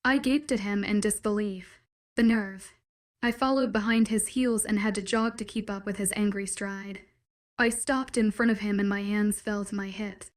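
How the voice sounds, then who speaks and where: Woman narrator for a first-person audiobook, steady storytelling. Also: mid-range voice, moderate pace.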